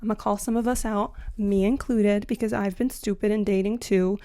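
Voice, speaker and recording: A young woman ranting to camera about dating, blunt and sarcastic, swinging between loud outbursts and muttered asides. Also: medium pitch, steady tone, fairly quick, dry recording. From Latina. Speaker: comedic commentary host. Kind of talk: scripted comedic rant to camera.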